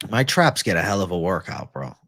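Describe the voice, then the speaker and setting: A man's voice: sits low, very animated, a little fast, fairly bright tone, no echo, studio quality. Profane ranting man hosting a livestream. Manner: profane, ranting, reads viewer comments. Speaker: livestream host. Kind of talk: casual livestream Q&A.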